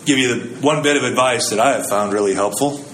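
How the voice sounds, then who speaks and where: A man's voice: medium pitch, fairly quick, a bit bright, reverberant, a little hiss or hum, low-quality recording. A man giving a sermon in a conversational, storytelling way, acting out the quotes he tells. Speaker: preacher.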